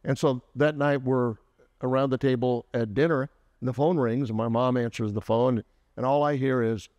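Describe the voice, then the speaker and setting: A man co-hosting a podcast, telling a story from his childhood in a folksy way, often pausing with "uh" and starting over. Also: medium pitch, steady tone, darkish tone, dry recording, lo-fi sound. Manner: folksy, with frequent "uh" and restarts. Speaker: co-host. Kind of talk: casual storytelling.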